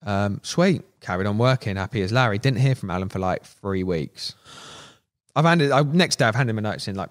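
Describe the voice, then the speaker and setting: A man's voice: on the low side, brisk. Slangy man telling stories. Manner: animated, slangy, acts out quotes. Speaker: podcast guest. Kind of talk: casual storytelling.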